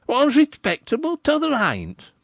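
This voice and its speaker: A man voicing a blustering country town crier who scolds and shouts in a rustic dialect. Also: extremely high pitch, huge pitch swings, a little slow, vocal fry, no echo, studio quality, pitched above the performer's own voice, full character voice. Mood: indignant.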